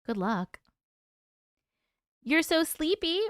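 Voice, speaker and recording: A woman's voice: sits high, very animated, takes it slowly, a bit bright, dry recording, clean studio sound. A woman hosting a casual livestream, reading out viewer comments and greeting people by name in a chatty, affectionate way. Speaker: livestream host.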